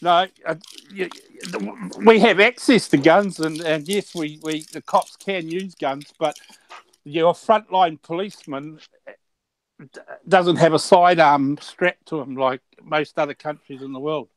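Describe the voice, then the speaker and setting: A man with a New Zealand accent chatting casually, halting and restarting his sentences often. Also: a little high, a little hiss or hum. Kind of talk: casual chat.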